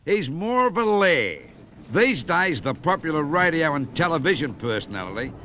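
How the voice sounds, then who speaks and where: An Australian man narrates a sports documentary with cheeky, playful lines. His voice is bright and animated, rising and falling a lot, with faint noise in the background. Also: fairly high pitch, moderate pace.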